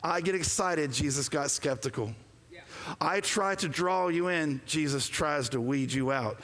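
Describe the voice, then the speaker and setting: A man preaching a lively, joking sermon, calling for the congregation to respond. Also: a little high, a little slow. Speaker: pastor. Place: church sanctuary. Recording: long reverb of a church hall.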